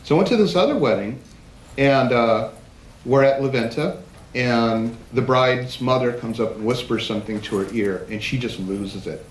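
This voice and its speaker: A man at mid pitch tells anecdotes from the stage of a large event hall, animated and acting out what others said. His voice rings in a roomy space with faint background noise. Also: normal speed. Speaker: speaker giving a platform presentation. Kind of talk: storytelling talk to a live audience.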